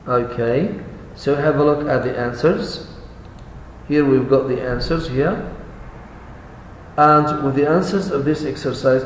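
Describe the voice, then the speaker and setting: A man whose first language is Arabic, teaching an English class and patiently checking answers with his students, often repeating the words. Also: medium pitch. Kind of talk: recorded online class. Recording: echoey room, voice far from the mic, faint background hiss.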